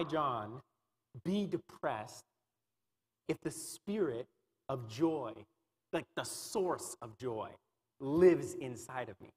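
A man's voice: mid-range voice, a bit bright. A man preaching a sermon in church, earnest and repetitive, leaning on "you know" between phrases. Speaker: pastor. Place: large church hall. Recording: long hall reverb.

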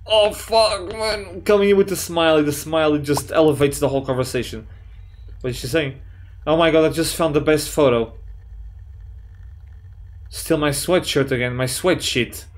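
Male gaming YouTuber, slightly high voice, jokey and profane let's play commentary. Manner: excitable, swears a lot, jokey; reads chat messages aloud in playful voices.

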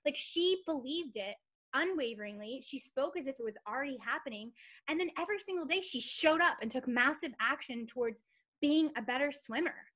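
A woman in her thirties giving an energetic, emphatic motivational talk to her team on a training call, telling a personal story. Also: high voice, fairly quick. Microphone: call or webinar mic.

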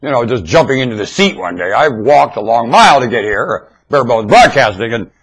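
A man's voice: mid-range voice, big pitch swings, brisk, fairly bright tone, husky. A man rambling in a loose monologue to his webcam, stammering and repeating himself. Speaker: webcam vlogger. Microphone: webcam mic.

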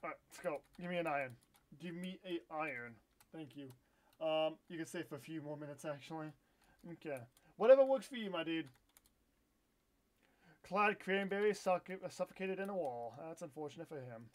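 Young man, high voice, excitable, swears a lot, live game-stream chatter. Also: normal speed. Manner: excitable, swears, outbursts of frustration. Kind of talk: live gameplay stream commentary.

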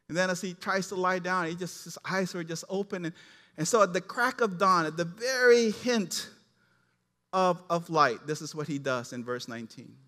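A male pastor preaching a sermon with animated storytelling, acting out the characters as he retells the passage. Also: high-pitched, normal speed, in a large hall.

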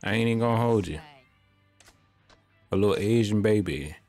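A young man with a fairly low voice riffs through a gameplay session, talking loose and slangy to himself and the screen. Faint music plays behind him. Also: moderate pace, a little mellow. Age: young adult. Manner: loose slangy running banter. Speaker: gaming streamer. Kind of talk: casual gameplay commentary.

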